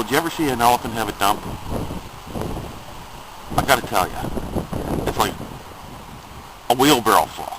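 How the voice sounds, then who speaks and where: A man's voice: sits low, noisy background. A man telling a long joke in a rambling, chatty way, chuckling at his own story. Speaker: joke teller. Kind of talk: casual spoken joke storytelling.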